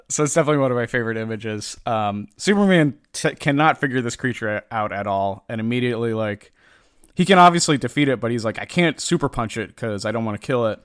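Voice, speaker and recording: A man's voice: medium pitch, a bit bright, clean tone, no echo, studio quality. A man chatting casually on a podcast, retelling a comic story with lots of fillers and acted-out lines. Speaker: podcast host recapping a comic. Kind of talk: casual chat.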